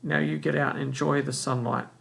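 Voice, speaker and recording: A man reading aloud and voicing a gentle, sorrowful old woman cook in a soft, slow, consoling way. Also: on the high side, flat delivery, gravelly. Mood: tender.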